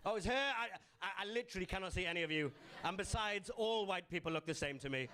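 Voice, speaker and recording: Brief: Geordie male stand-up comic, high-pitched, quick teasing crowd work. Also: lively intonation, heavy background noise. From Newcastle, England. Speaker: stand-up comedian. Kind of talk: stand-up comedy. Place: comedy club stage.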